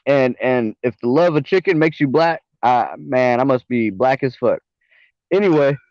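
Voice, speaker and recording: A man's voice: mid-range voice, normal speed, a little mellow, no echo. Southern guy, casual profane chat, dry muffled online mic. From American South. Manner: laid-back, profane, laughs often.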